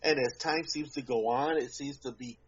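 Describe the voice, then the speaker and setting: A man's voice: mid-range voice, steady tone, a little hiss or hum. A man co-hosting a podcast in casual chat, talking at length and leaning hard on his points. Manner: talks at length with emphatic, drawn-out points. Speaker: podcast co-host. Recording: dull lo-fi podcast audio.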